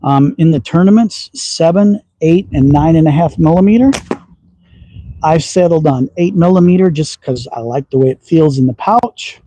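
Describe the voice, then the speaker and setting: On his casual livestream, a slingshot host from Texas with a slight Southern accent shoots at his outdoor backyard range, chatting folksily, teasing, and chuckling often. His voice leans high but has a dark tone, and the audio quality is poor.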